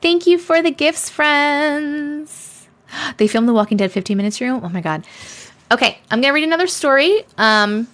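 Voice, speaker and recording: A woman's voice: fairly high pitch, a bit bright. A woman hosting a live stream, reading viewer stories aloud in a playful, chatty way with sarcastic asides. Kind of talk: casual live stream chat and story reading. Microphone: desk microphone.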